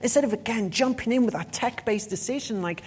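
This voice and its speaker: A woman's voice: on the high side, fairly quick, darkish tone, slight background noise. A woman giving a conference talk, passionate and emphatic, with blunt swearing when annoyed. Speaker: conference speaker.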